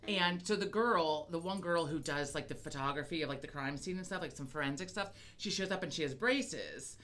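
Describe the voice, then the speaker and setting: A woman's voice: low voice, brisk. An American woman co-hosting a podcast, telling stories in casual, profane chat. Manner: chatty, swears freely, animated storytelling. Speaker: podcast co-host.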